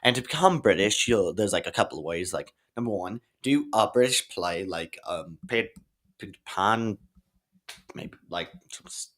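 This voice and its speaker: A man's voice: lowish voice, lively intonation, a bit bright. Rambling man hosting a silly talk show. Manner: rambling, halting, full of ums and likes. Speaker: comedy talk show host. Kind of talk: silly sketch monologue.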